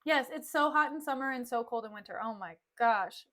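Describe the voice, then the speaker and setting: A woman's voice: a little high, a little fast, fairly bright tone. A woman streamer chatting casually on a desk mic, filling her talk with "like" and laughing often. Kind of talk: casual livestream chat and play recap.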